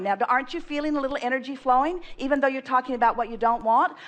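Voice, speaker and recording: A woman's voice: on the high side, fast. Emphatic woman giving a seminar talk. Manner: emphatic, speaks of herself as "we"; acts out first-person affirmations with rising energy. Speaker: spiritual seminar speaker.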